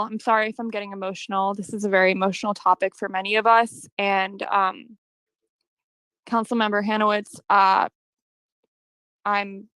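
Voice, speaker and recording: A woman giving public comment over a video call, earnest and hesitant, with many pauses and ums. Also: medium pitch, little pitch movement, fairly bright tone, clean tone, no echo, rough recording.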